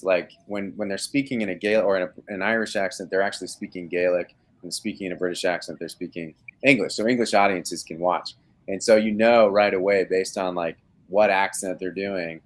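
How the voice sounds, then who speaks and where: A man's voice: low voice, fairly even intonation, brisk. A man in his thirties, an actor talking from home on a video call, rambling with lots of fillers and restarts. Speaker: actor guest. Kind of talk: casual live interview chat.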